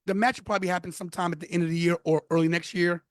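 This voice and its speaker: A man's voice: sits high, racing, no echo. A man in his fifties from Brooklyn with a New York accent, telling stories emphatically as a podcast guest. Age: 50s. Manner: animated, emphatic storytelling with repeated phrases. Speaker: podcast guest, former wrestler. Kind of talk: casual interview chat.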